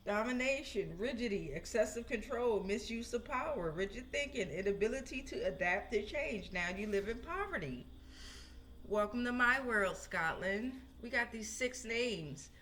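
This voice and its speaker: A woman's voice: a little high, lively intonation, normal speed, fairly bright tone, slight background noise. Chatty woman reading tarot cards. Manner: chatty, talks to viewers, frequent "right?". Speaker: tarot reader. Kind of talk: casual tarot reading livestream.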